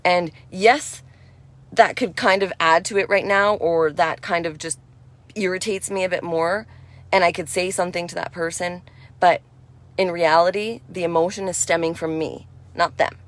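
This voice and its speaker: A woman giving a spiritual energy talk in a gentle, reassuring and affirming way, chatty with frequent "you know". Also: lowish voice, fairly even intonation, normal speed. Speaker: spiritual speaker.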